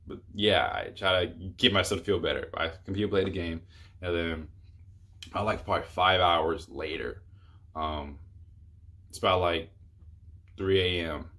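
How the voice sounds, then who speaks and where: A man's voice: deep voice, a bit bright. A young man telling a rambling, exasperated storytime on his vlog, full of fillers. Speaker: YouTuber.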